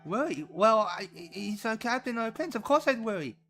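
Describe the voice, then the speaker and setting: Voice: mid-range voice, big pitch swings, normal speed, a bit bright, faint music behind. A performer voicing a shy, flustered young woman knight who stammers. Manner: stammering, nervous.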